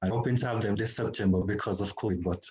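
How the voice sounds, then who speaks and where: A man from Jamaica, president of an expatriate association, introducing himself in a measured, explanatory way on an online panel over a video call. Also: lowish voice, fairly even intonation, darkish tone, breathy edge, poor audio.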